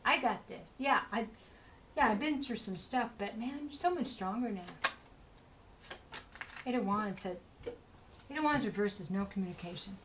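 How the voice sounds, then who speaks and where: A woman's voice: mid-range voice, animated, moderate pace, pauses often, background noise. Chatty woman giving a tarot reading. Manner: chatty, rambling, full of "you know" asides; encouraging, talks straight to the listener. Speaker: tarot reader. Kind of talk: casual spoken tarot reading.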